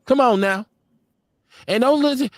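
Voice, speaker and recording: A live-stream talk show co-host, male, talks casually with blunt profanity and plenty of laughter via a streaming call. His pitch is extremely high and his pace a little slow, with clean studio sound and no echo.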